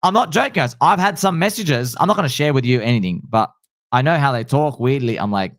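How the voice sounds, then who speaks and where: A male host chatting casually, excitable and slangy, acting out what others say. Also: medium pitch, fairly quick, no echo, studio quality. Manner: excitable, slangy, acts out quotes. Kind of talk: casual chat.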